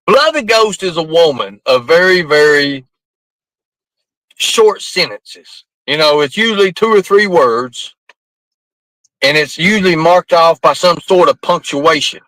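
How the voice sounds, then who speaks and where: A man's voice: a little high, lively intonation, a little slow, a bit bright, no echo, rough recording. A man ranting defensively to his live-stream chat, swearing often and rambling from point to point. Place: outdoors at night in the rain.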